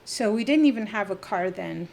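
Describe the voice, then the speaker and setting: A woman's voice: mid-range voice, expressive, normal speed, vocal fry, a little mellow. A middle-aged woman from the Navajo Nation area, a podcast guest telling a personal story in a rambling way and acting out the voices of the people she quotes. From Navajo Nation area, US Southwest.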